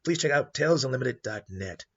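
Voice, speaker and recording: A man hosting a podcast, casually pitching a dark fantasy story idea and briefly voicing the characters as he goes. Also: a little fast, vocal fry, husky, highs cut off. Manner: animated, acts out quoted characters in passing. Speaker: podcast host.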